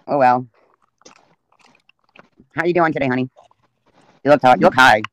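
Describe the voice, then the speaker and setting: A woman's voice: extremely low pitch, normal speed, a little hiss or hum. A woman calling in to a livestream by phone, brash and mocking, swearing and laughing as she argues. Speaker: guest on a livestream. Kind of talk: heated casual call-in banter.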